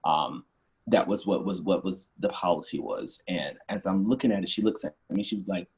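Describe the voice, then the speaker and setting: Guy nurse on a webinar call, lower voice, thinks as he talks. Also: moderate pace. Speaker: nurse panelist. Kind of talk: webinar panel discussion. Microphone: video call.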